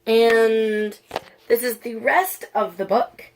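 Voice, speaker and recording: A woman's voice: a little high, takes it slowly, a little hiss or hum. A young woman casually reading a fan-fiction story aloud, doing the characters' lines in livelier voices. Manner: reads all parts, lively quoted voices. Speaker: audiobook reader.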